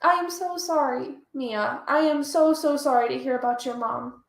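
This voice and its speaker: Her voice sits high and sounds gravelly, moving at a moderate pace in a reverberant room. A livestream host on a reading stream, she chats casually, reads out chat messages, and is easily moved, chatty and emotional throughout.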